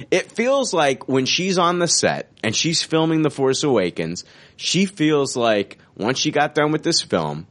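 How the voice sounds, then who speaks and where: A man co-hosting a casual fan podcast, excited and rambling, swearing now and then. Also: fairly high pitch, a little slow. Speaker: podcast co-host.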